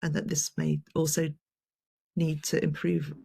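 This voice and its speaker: Gravelly, husky workshop moderator. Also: mid-range voice, a little slow, no echo, poor audio. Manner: relaxed, reads questions from chat. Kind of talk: moderating online Q&A.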